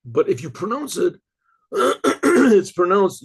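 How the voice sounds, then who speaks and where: An older rabbi teaching a class in a husky, slightly raised voice. His talk is loose and digressive, circling back with repeated phrases and frequent "okay, so", broken up by throat-clearing. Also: high-pitched, big pitch swings, slow. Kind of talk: informal Torah lecture.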